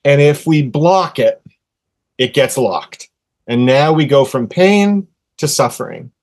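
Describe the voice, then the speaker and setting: A man in his sixties, a podcast guest, telling a personal story earnestly and with animation, softening to a hush when quoting gentle words. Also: medium pitch, expressive, takes it slowly. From USA. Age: 60s. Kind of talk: casual storytelling in an interview.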